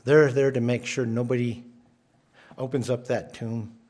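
A man's voice: mid-range voice, fairly even intonation, unhurried, a little mellow. A man preaching a sermon as pastor, emphatic and often repeating his first words as he starts a phrase.

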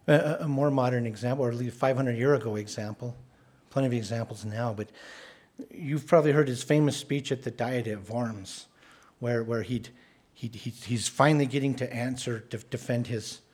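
A man's voice: medium pitch, normal speed, darkish tone, slightly rough. A man preaching a sermon in an earnest, conversational way, often restarting his words.

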